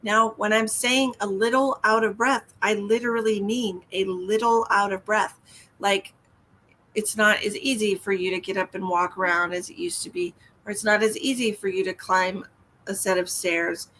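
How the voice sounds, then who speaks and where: A woman's voice: mid-range voice, moderate pace, a bit bright, a little hiss or hum. A woman giving live psychic readings on a stream, speaking soothingly and calling viewers hun and honey. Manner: soothing, calls viewers hun and honey, reads comments aloud.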